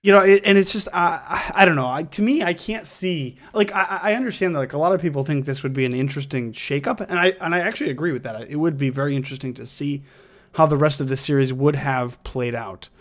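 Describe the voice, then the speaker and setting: A man's voice: a little high, fast talker, fairly bright tone. Opinionated man on a chat podcast. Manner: opinionated, builds a careful argument. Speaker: podcast co-host. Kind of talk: casual chat.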